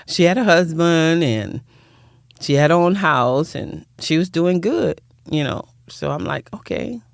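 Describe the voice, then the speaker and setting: Older woman, gravelly voice, heartfelt and rambling, close dry mic. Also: low-pitched, expressive, a little slow, no echo. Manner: rambling, heartfelt, repeats words. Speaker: guest, nonprofit founder. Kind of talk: personal storytelling in interview.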